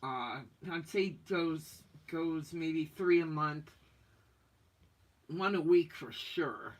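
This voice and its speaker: Slow-talking chatty woman livestreamer. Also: low-pitched, a little mellow. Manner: chatty, folksy, reads viewer comments aloud. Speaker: livestream host reading chat. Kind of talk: casual live-stream chat.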